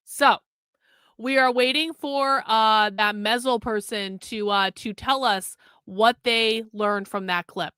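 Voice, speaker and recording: A woman's voice: on the high side, fairly even intonation, slow, bright, forceful tone, clean tone, no room sound. A woman hosting a livestream, bluntly scolding viewers in the chat with heavy profanity. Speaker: livestream host.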